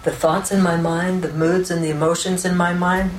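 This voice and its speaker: A woman with a fairly low voice teaches in a calm, explanatory way, often checking in with her listeners. The sound is roomy, with a noticeable echo and a faint hiss in the background. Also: moderate pace. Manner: calm, explanatory, with frequent "right?" and "you know". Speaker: spiritual teacher. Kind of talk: unscripted spiritual teaching talk.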